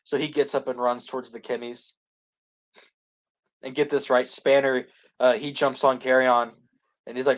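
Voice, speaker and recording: Speaking at a normal speed with long pauses, this podcast co-host has a medium-pitched, level voice. He rambles through a series recap, leaning heavily on "like" and starting sentences over.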